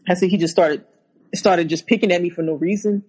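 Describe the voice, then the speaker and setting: A woman, a guest on an interview show, recounting a personal story haltingly, with many restarts. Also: fairly low pitch, steady tone, darkish tone, breathy edge, low-quality recording.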